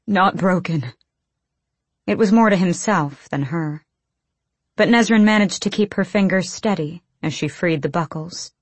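A woman's voice: fairly low pitch, moderate pace, no room sound. A woman reading an audiobook in tense, clipped bursts of phrasing. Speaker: audiobook narrator. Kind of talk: scripted audiobook narration.

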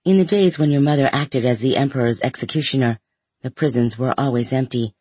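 A man reading a first-person story aloud in a measured, even way. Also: mid-range voice, husky, no room sound. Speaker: audiobook narrator.

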